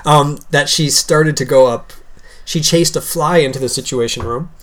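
A woman with a notably low voice co-hosts a podcast in easygoing chat. She jokes and teases her partner, laughing often as she tells stories. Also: normal speed. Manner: jokey, teasing, laughs often. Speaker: podcast co-host. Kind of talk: casual chat.

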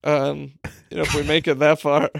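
Man, high voice, podcast co-host, teasing, bossy, casual banter. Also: monotone, moderate pace, creaky, dry recording, studio quality. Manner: teasing, bossy, directs the others.

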